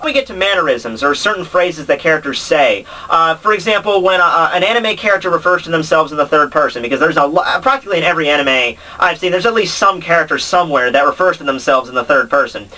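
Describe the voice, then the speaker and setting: A young man with a bright, fairly high voice talks through anime dubs in a loose, rambling way, full of "uh" and restarts. He sits a little back from the mic, so the sound is a touch distant. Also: animated, quick pace, few pauses. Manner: rambling, many fillers and restarts. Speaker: anime commentary vlogger. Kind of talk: casual explanatory commentary.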